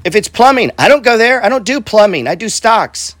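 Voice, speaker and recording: Middle-aged male investor, casual and profane, slightly high voice, dry close sound. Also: expressive, brisk, a bit bright, no room sound. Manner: blunt, profane, repeats himself, says "right?" and "bro". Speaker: real estate investor and coach. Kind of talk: casual motivational talk.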